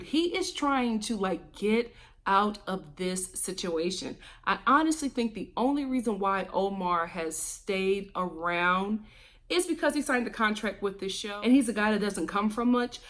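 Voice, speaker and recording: A woman's voice: mid-range voice, a bit bright. A woman giving casual, gossipy commentary on a reality show, sassy and emphatic, laughing often. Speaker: reality TV recap vlogger.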